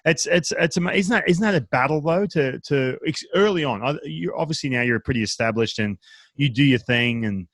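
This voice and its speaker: A man with an Australian accent hosting a casual interview, asking energetic, rambling questions full of restarts. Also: mid-range voice, brisk, dry recording. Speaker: podcast host.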